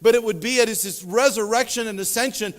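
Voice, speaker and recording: A male pastor preaching a sermon, with emphatic swells and sudden quiet drops. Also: high voice, quick pace, big-room sound. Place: church sanctuary.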